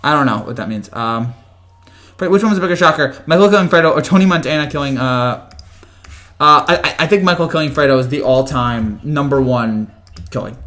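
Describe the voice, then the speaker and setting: A man hosting a casual live chat from home, answering viewer comments in a rambling way, with frequent restarts and chuckles, and keeping his voice down. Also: mid-range voice. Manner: talks quietly to avoid waking family. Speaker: host.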